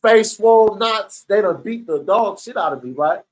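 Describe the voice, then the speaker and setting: A man's voice: high voice, animated, moderate pace, a little mellow, poor audio. A man telling a story in a casual, streetwise way, swearing freely and often checking in with "right?". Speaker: storyteller recounting prison life.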